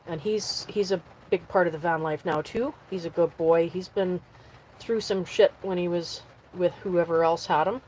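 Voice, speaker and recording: A vanlife vlogger chats casually with her viewers and her dogs on a live stream from inside her camper van. Her voice is steady, a little mellow, and moves at a normal speed, though her pitch jumps high whenever she talks to the dogs. The low-quality recording carries slight background noise.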